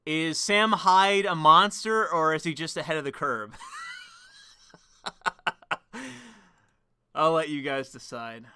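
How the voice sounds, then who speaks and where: A man's voice: fairly high pitch, takes it slowly, pauses often, sharp tone, clear, resonant tone, dry recording. A young man hosting a casual stream, reacting to a clip with laughing, profane disbelief.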